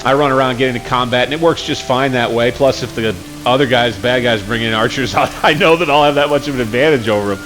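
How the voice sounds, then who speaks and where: A man hosting a gaming channel, giving relaxed, rambling commentary on his gameplay. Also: mid-range voice, fast, few pauses. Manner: relaxed, rambling, with fillers and self-corrections. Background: game music.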